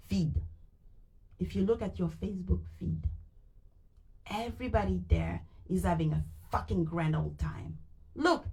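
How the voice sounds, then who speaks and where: This woman, a native French speaker with a French Canadian accent, sounds tired as she reads from a book on a live stream. She's animated at the mic, with a medium pitch, and she tries difficult words over and over.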